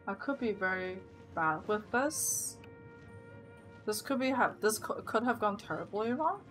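A woman's voice: mid-range voice, measured pace, soft background music. Woman streamer narrating her gameplay. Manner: thinks aloud, gets loud and excited when things go wrong. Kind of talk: live gameplay commentary.

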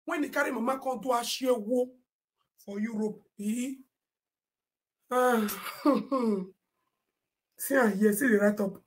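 Nigerian woman live-streamer, high and indignant, loud Pidgin rant. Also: a little slow, pauses often. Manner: animated and indignant, often shouting and reading comments aloud.

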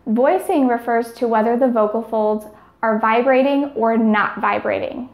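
A woman's voice: fairly high pitch, moderate pace, reverberant. A woman giving scripted speech therapy instruction, carefully demonstrating each sound.

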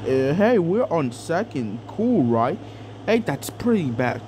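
A man's voice: a little high, sing-song, slow pace, noisy background. A young man doing an improvised comedic fan dub, rambling and crude with lots of fillers. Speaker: fan dubber.

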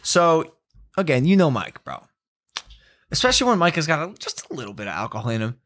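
Excitable young man telling a story. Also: a little fast, dry recording. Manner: excitable storyteller, pitch leaps when amused. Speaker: podcast host. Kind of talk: casual chat, storytelling. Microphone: studio podcast mic.

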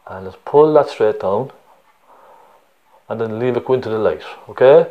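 A man's voice: medium pitch, lively intonation, normal speed, phone-quality sound. Chatty man with a Cork accent. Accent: Cork Irish. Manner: chatty, encouraging, checks in with the viewer. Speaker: painting teacher. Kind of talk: step-by-step painting tutorial.

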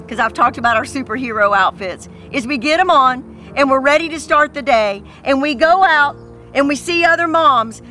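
A woman's voice: high voice, sharp tone. A woman pastor preaching a sermon to mothers, earnest and repetitive as she tells stories.

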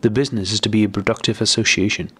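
A man's voice: on the low side, steady tone, very fast, fairly bright tone, husky. A man voicing a gaunt, sickly man who is angry, suspicious and abrupt, in an audiobook. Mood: agitated.

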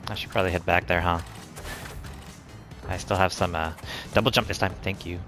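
A man with a fairly low voice talks through his gameplay, grumbling and swearing at the screen in exasperation. Game music plays clearly behind him. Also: fairly even intonation, fairly quick. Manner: frustrated, swearing, talking to the game. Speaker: let's play gamer. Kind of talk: casual gameplay commentary.

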